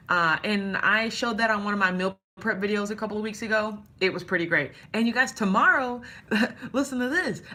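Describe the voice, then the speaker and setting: A young woman who has lost much of her voice, chatting casually and greeting viewers by name on a live stream. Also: pushed and bright. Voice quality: low, husky from strain. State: hoarse, losing her voice. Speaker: vlogger greeting live chat.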